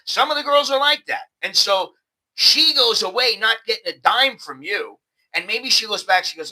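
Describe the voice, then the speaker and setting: A man with an American accent hosting a casual, animated vlog monologue. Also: high voice, normal speed, low-quality recording. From United States. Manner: animated, conversational, repeats words. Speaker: host.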